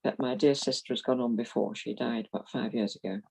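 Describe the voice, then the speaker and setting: A woman's voice: very deep voice, steady tone, fairly quick, creaky, a little mellow, slightly rough, low-quality recording. A woman in her eighties from London, talking freely about her past in an interview and laughing often as she tells stories. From London, England. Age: 80s. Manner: chatty, frank, laughs while telling stories. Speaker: retired minister, interviewee. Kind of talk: reminiscing interview.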